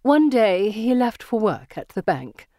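A severe middle-aged headmistress speaks in clipped, subdued phrases, as a woman narrator gives her voice. The delivery is quiet and restrained, read for an audiobook. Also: fairly high pitch, big pitch swings, measured pace, no room sound, clean studio sound, voice pushed up. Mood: sorrowful. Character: stern middle-aged headmistress, wistful widow.

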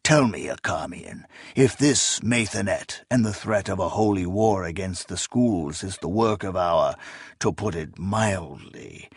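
A man's voice: low voice, measured pace, breathy edge, dry recording, clean studio sound, full character voice. A man voicing a cold, bitter old male sorcerer who snaps and sneers scornfully. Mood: mocking. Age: older.

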